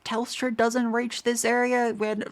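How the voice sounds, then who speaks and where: An Australian woman playing a crude, rowdy train announcer who swears, talking slowly and bluntly. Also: fairly high pitch, little pitch movement, background noise, lightly acted. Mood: mocking.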